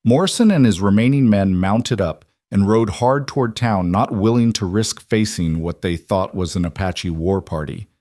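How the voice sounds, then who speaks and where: Man, scripted story narration, low voice, dry sound, even and steady. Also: normal speed, hardly any pauses, no room sound.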